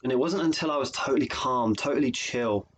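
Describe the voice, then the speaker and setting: A man's voice: mid-range voice, brisk, a bit bright, a little hiss or hum, poor audio. A man from England, a life coach, talking earnestly and emotionally to camera, often repeating phrases for emphasis. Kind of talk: motivational video monologue.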